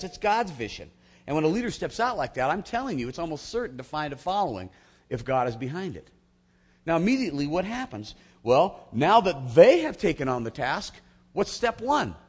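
A man's voice: on the high side, a little fast, slightly rough. A man preaching a sermon to his congregation, telling a biblical story with energy and acting out the characters' voices. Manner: animated, acts out voices of biblical figures. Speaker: pastor.

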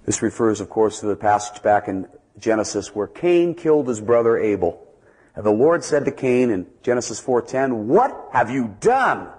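A man preaching a sermon as a pastor, telling stories and building to loud, emphatic peaks before dropping back to quiet asides. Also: lowish voice, expressive, moderate pace, slightly rough. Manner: storytelling, swings from soft asides to loud emphatic climbs. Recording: long reverb of a large hall.

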